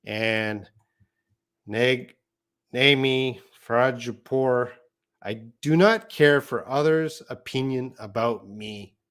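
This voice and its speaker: A man's voice: medium pitch, slow pace, a bit bright, clean tone. A man teaching an English lesson on a live stream, reading out viewer comments and explaining patiently.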